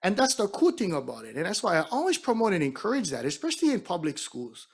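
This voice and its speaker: A middle-aged man from Hawaii, speaking with a Hawaiian Pidgin-tinged accent and a fairly high voice. He is an entertainer chatting with his audience between songs. He tells his story in an animated way and acts out what people said. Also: fast talker, husky. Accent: Hawaiian Pidgin-tinged English. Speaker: singer and entertainer.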